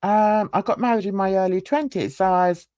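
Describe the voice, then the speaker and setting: A woman's voice: mid-range voice, fairly quick, warm tone, dry recording, clean studio sound. A middle-aged woman hosting a livestream panel, chatting in a rambling way with many fillers. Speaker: livestream host. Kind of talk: casual panel chat.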